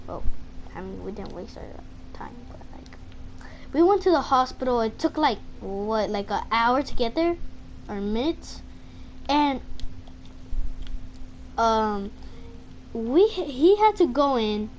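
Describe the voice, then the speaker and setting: A woman's voice: on the high side, animated, takes it slowly, long pauses. A woman casually telling a personal story, rambling with lots of fillers and swearing. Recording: noisy home recording.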